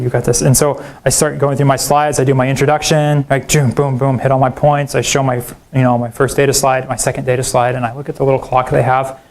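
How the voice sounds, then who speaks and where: A middle-aged male professor giving a public lecture in a university hall. He tells stories in a lively, self-deprecating way and often checks in with his listeners. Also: medium pitch. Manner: animated storyteller, self-deprecating, frequent "right?" and "like".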